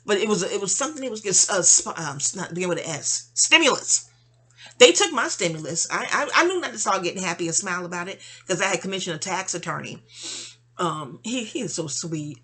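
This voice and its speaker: A woman talks straight to the camera in a loose, rambling vent, jumping between asides and slang. Her voice is slightly husky and breathy. Her pitch swings widely as she tells it. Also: brisk. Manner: animated, exasperated storytelling with slang and asides. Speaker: vlogger venting to a friend. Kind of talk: rambling personal monologue.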